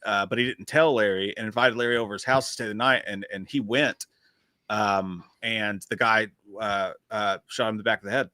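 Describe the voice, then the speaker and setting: A man's voice: fairly low pitch, fairly even intonation, brisk, bright, forceful tone, no echo, clean studio sound. A man co-hosting a casual live stream, reading viewer comments aloud and chatting in a laid-back, profane way.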